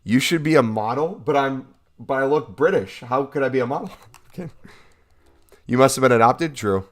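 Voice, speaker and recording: A young American man with a mid-range voice chats casually on a livestream at a moderate pace. He reads out questions from the live chat and answers them with jokes.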